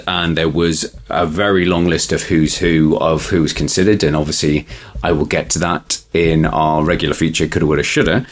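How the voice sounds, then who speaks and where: A man co-hosting a casual film podcast, explaining trivia in a rambling way with many restarts. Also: sits low. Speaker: podcast co-host.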